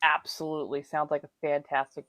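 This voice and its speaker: A woman's voice: sits low, little pitch movement, a little fast, no echo, clean studio sound. Chatty woman hosting a livestream. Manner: chatty, laughs often, greets viewers warmly as darlings. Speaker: livestream host. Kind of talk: casual livestream chat.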